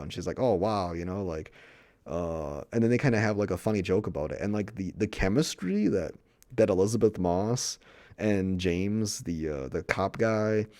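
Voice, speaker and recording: Casual male movie reviewer, low and mellow, profane and rambling. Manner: rambling, profane, retells scenes with quoted dialogue.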